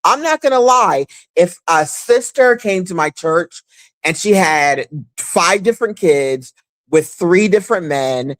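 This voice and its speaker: A woman's voice: fairly low pitch, lively intonation, a little slow, no echo, low-quality recording. A woman hosts a casual livestream, speaking frankly and rambling, often restarting her sentences. Her voice sounds close and dry, with little room sound around it. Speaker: livestream host. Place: abroad, away from home.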